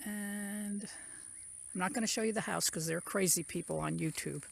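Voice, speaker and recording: A woman's voice: medium pitch, normal speed, creaky. A woman giving a casual, rambling walking tour of her rural land outdoors. She points things out as she goes, recorded on a phone she carries. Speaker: channel owner giving a property tour. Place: outdoors in rural woods and fields. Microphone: phone camera carried while walking.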